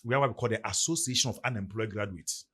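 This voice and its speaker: A man's voice: lowish voice, fast, a bit bright, slightly rough. A middle-aged man from Ghana with a Ghanaian English accent, speaking in an emphatic, preacherly way as a podcast guest. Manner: preacherly, emphatic, rising and falling delivery. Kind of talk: motivational podcast talk.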